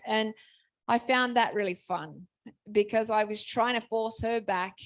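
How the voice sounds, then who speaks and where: A woman's voice: fairly high pitch, moderate pace, no room sound. A woman author speaking on a festival panel, telling stories in a chatty way with many restarts.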